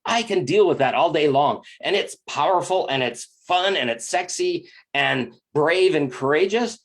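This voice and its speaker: A man whose voice is a little high and fairly bright speaks at a measured pace with lively intonation. He's a spiritual relationship coach giving an earnest, emotionally open confessional on relationships, blunt and intense and full of swearing.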